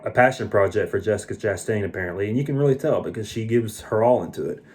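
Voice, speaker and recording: Tired guy reviewing a movie, earnest and opinionated, mid-pitch voice, keeps restarting sentences. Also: darkish tone. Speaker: film reviewer. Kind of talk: casual movie review vlog.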